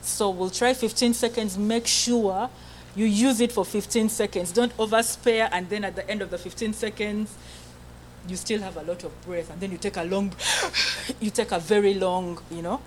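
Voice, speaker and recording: A woman coaching a choir's breathing in an indoor rehearsal room, with a faint hum of room sound behind her. Her pitch sits in a middling range. She counts aloud, gives short commands and keeps checking in with the group. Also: moderate pace, poor audio. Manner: coaxing, checks in often with "okay?". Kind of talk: group breathing and singing lesson.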